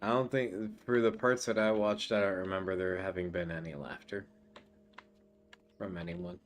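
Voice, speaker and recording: A man's voice: sits low, steady tone, normal speed, a little hiss or hum. A man hosting a podcast in casual chat, rambling and swearing with many fillers. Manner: rambling, profane, full of fillers. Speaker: podcast host.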